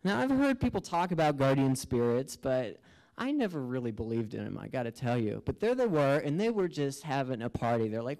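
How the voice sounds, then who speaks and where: A man's voice: mid-range voice, big pitch swings, a little fast, a little mellow, poor audio. A man performing an earnest first-person storytelling monologue with a sense of wonder. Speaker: spoken-word performer.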